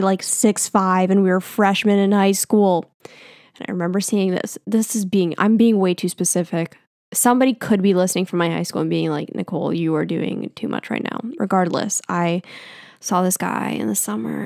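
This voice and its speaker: A woman's voice: medium pitch, a little mellow, dry recording, clean studio sound. A young woman hosting a podcast, telling stories casually in a chatty, self-mocking way full of fillers. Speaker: podcast host. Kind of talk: casual storytelling. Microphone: podcast mic.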